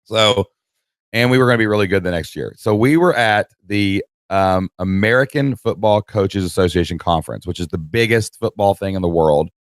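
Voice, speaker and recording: On clean, dry studio audio, this podcast co-host speaks in a lowish voice at a normal pace. He recounts a story in relaxed conversation, animatedly voicing the people in it and laughing mid-story.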